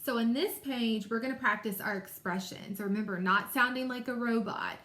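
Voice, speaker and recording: A woman teacher giving a recorded reading lesson to young children, explaining patiently and clearly. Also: a little high, normal speed, pushed and bright.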